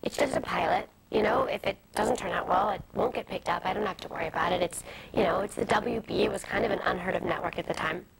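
A young woman tells stories at a quick clip, her voice full of gravelly fry. She is a television interview guest, lively and full of asides. The sound comes from a noisy early-2000s broadcast. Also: mid-range voice. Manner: fast, animated anecdote-telling with many asides. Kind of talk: candid storytelling interview.

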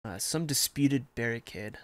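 A man's voice: mid-range voice, animated, unhurried, no room sound. Rambling man reading a game aloud. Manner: rambling, self-mocking asides. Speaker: gameplay streamer. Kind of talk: casual gameplay commentary, reading game text aloud.

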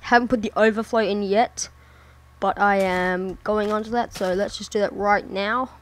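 A woman's voice: medium pitch, fairly even intonation, normal speed, slight background noise. A woman giving casual let's-play commentary, muttering to herself and swearing often as she plays. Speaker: gameplay commentator.

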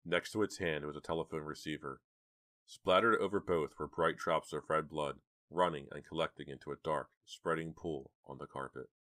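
A horror audiobook is narrated by a man whose voice is extremely deep, his delivery steady and measured. The sound is close and dry, with no echo.

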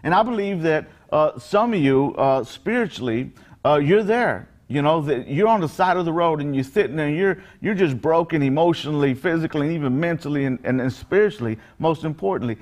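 A male pastor speaks a brief daily message in a slightly higher-than-usual voice. His delivery is conversational and earnest, full of fillers and restarts. He leans into rhythmic, emphatic phrases. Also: animated, brisk. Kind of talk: short daily devotional message.

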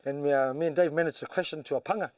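Animated New storyteller, high voice. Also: male voice, rapid-fire, dry recording, recorded from a distance. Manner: animated, tells stories, swears. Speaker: boxing trainer and hunter. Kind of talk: casual storytelling.

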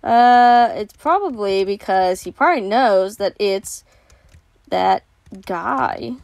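A woman's voice: mid-range voice, expressive, slow pace, gravelly, a little mellow, no echo. A young woman casually commenting on a game she is playing, reading characters' lines aloud and swearing playfully. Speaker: game streamer.

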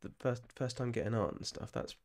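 A man's voice: medium pitch, animated, brisk. A young English man chatting casually while streaming a game live, rambling, restarting his phrases and laughing often. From England.

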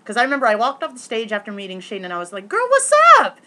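A woman vlogging casually, rambling with many restarts and fillers, breaking into excitable bursts and swearing now and then. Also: medium pitch, racing.

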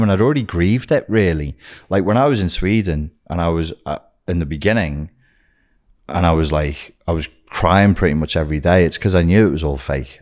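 Low-voiced man, podcast guest, blunt, swears freely, candid storyteller. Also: darkish tone. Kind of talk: candid personal storytelling in an interview.

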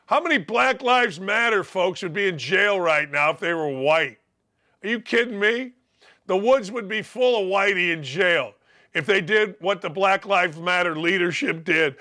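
Brash, bright-voiced male sports host. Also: high-pitched, expressive, measured pace. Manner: brash, combative, mocking. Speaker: sports talk show host. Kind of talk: opinionated sports talk monologue.

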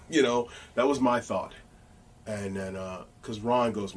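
Husky-voiced man telling blunt stories. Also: lowish voice, moderate pace, distant mic. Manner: animated, blunt storytelling with profanity. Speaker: interview guest. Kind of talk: casual anecdote telling.

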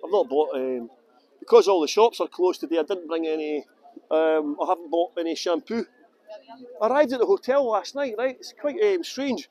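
A man's voice: sits high, lively intonation, moderate pace, warm tone. A Scottish man working as a tour guide, chatting casually and rambling on a phone livestream outdoors in the sun. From Scotland. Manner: rambling, chatty, answers viewer questions with fillers. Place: outdoors in sunny town streets. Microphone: phone held by hand.

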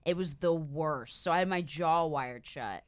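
A woman in her thirties hosting a casual podcast, telling stories with lots of energy, swearing and laughing along the way. Her voice is smooth and clear, and it sits a little low for a woman. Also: measured pace. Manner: animated storyteller, swearing, laughing often. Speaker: podcast host. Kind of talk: casual chat.

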